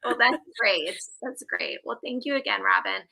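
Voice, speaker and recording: Bright, gravelly-voiced woman host. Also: mid-range voice, moderate pace, low-quality recording. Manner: upbeat, effusive thanks. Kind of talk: online interview.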